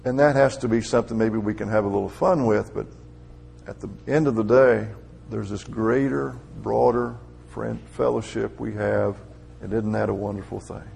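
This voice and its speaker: A man's voice: lowish voice, steady tone, moderate pace, gravelly, a little mellow, breathy edge. A middle-aged man preaching a conversational sermon, building to emphatic, raised peaks.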